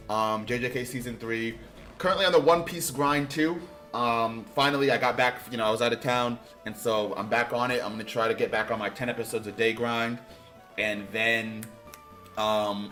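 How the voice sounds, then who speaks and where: A man talks through his game as he plays it, thinking out loud in a loose, rambling way. His pitch sits in an ordinary middle range, and now and then his voice jumps up with excitement. Faint music plays behind him. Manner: musing, trails off, then bursts into loud excitement. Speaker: streamer. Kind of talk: casual game commentary.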